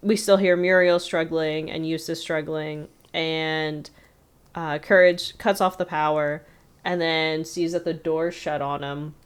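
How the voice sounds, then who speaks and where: Recapping a cartoon episode on a podcast she co-hosts, this woman rambles casually and leans heavily on "like" and other fillers. Her deep voice is clean in tone, a little slow, with fairly even intonation.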